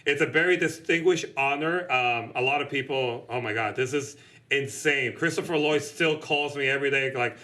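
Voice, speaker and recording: A man's voice: mid-range voice, normal speed, sharp tone. A man co-hosting a podcast in casual chat, joking and laughing often, rambling with fillers. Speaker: podcast co-host.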